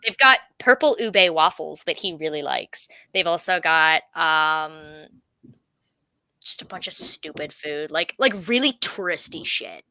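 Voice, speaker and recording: A young woman from Canada, bubbly and casual, chatting about her animated series and swearing now and then. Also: sits low, a little slow, dry recording. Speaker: creator of an animated series, guest. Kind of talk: casual interview chat.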